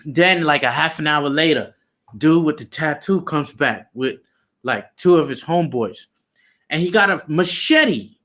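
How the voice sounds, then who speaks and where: A man's voice: a little high, animated, a little slow, fairly bright tone. A man being interviewed, telling a story in loose, slangy, profane casual talk with lots of "you know". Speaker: interview guest.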